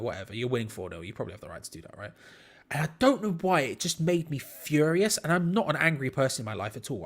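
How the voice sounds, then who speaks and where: A man's voice: mid-range voice, a bit bright. Chatty young man commentating. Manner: chatty, rambling, self-deprecating. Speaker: watch-along host. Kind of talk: casual live match commentary.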